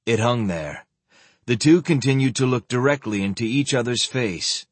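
A man narrating a fantasy novel as an audiobook, expressive and acting out the dialogue. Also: mid-range voice, moderate pace, breathy edge, dry recording. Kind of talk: scripted narration.

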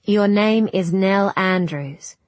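A woman voicing a gentle, soft-spoken young woman comforting her grandmother, in a storybook reading. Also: medium pitch, takes it slowly, no echo, close to an everyday voice. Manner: soft, hesitant.

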